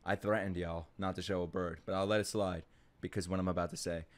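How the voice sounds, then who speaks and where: A young man casually reacting to an anime, excitable, laughing and swearing, with loud bursts. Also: low voice, fast.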